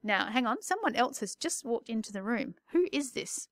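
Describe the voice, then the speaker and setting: A woman's voice: on the high side, big pitch swings, moderate pace, no echo, clean studio sound. A woman teaching maths in a recorded lesson, playful and chatty with jokey asides.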